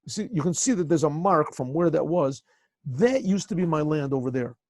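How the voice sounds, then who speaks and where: A man's voice: a little high, expressive, a little fast, darkish tone, dry recording. A man doing an earnest neighbor pleading his case. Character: stubborn man disputing a land boundary.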